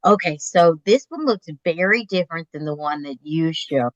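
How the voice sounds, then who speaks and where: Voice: medium pitch, animated, moderate pace, dry recording, highs cut off. A host interviewing a guest, talking in an enthusiastic, reflective way with many fillers. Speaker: host, therapist. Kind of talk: conversational interview.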